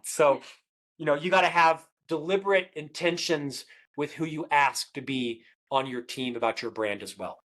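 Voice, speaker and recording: A man's voice: fairly high pitch, normal speed. A middle-aged man with a lifelong stutter, a guest author in a conversational podcast interview, telling stories and acting out both sides of conversations. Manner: stutterer, animated storyteller acting out dialogue.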